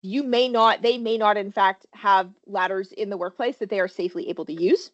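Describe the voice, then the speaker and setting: A woman's voice: medium pitch, a little fast, dull audio. A woman workplace safety trainer giving a webinar presentation, talking animatedly and quizzing her listeners with questions.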